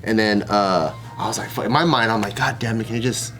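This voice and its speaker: Relaxed man telling a casual anecdote. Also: on the low side, brisk, faint music behind. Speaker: panel commentator. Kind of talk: casual chat.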